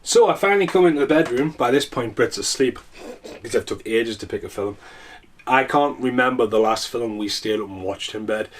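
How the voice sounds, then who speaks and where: A man's voice: medium pitch, lively intonation, a little fast, slight background noise. A man ranting casually and animatedly in a vlog, exasperated and swearing freely. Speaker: vlogger.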